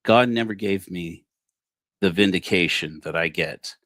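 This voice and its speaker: A man in his forties telling a personal story on a livestream, acting out the dialogue with animated shifts in his voice. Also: deep voice, unhurried, dry recording, studio quality. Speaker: livestream host.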